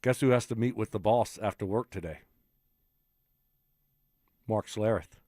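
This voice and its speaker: A man's voice: on the low side, unhurried, warm tone, no room sound, clean studio sound. A man co-hosting a morning sports radio show, joking around with mock urgency. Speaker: co-host.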